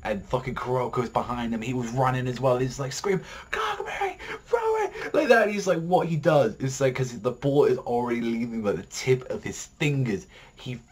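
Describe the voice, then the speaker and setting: A man reviewing an anime episode in a rambling, excitable way, swearing a lot and filling his talk with "like". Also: mid-range voice, fairly quick, slightly rough.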